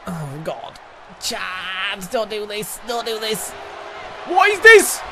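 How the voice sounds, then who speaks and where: A man co-hosting a wrestling video game, reacting with loud excitement and laughter as he plays. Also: high-pitched, takes it slowly, background noise. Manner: animated, yelling and laughing at chaos. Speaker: gaming co-host. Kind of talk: excited gameplay commentary.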